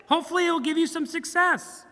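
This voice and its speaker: A middle-aged man, a pastor, preaching a sermon in a church in an animated, humorous way, acting out bits of dialogue. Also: very high-pitched, fast, long reverb tail. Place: church sanctuary.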